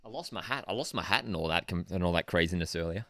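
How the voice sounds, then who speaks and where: A young Australian man hosting a live football watchalong, excitable and prone to saying "dude", swinging between shouting and muttering. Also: sits low, quick pace, dry recording. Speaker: football channel host. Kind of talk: live match watchalong commentary.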